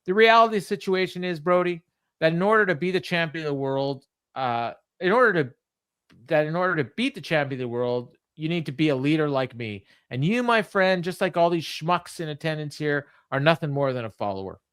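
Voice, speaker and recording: A man putting on a cocky, mocking male wrestling villain who shouts loud insults. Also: on the high side, animated, fairly quick, clear, resonant tone, dry recording, studio quality.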